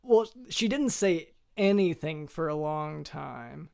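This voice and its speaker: Halting, gravelly-voiced man telling a story. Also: a little high, animated. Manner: halting, hesitant, full of restarts. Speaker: podcast host. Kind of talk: deadpan comic storytelling.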